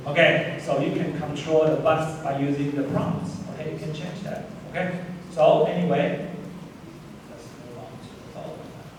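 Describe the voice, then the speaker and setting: Middle-aged male lecturer, step-by-step explainer with constant "okay"s; distant mic in a reverberant hall. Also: on the high side. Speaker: professor giving a plenary talk. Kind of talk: live conference lecture demo. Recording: echoey hall mic from far off, faint noise.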